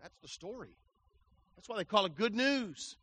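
A man preaching an evangelistic sermon, impassioned, swinging from hushed lines to loud ones and stacking words in slow emphatic runs. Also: sits high, expressive, slightly rough.

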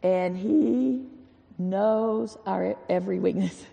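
A woman's voice: medium pitch, slow, creaky, warm tone, big-room sound, lo-fi sound, soft background music. A woman giving an informal, earnest sermon in a folksy way, repeating phrases for emphasis. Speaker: church speaker.

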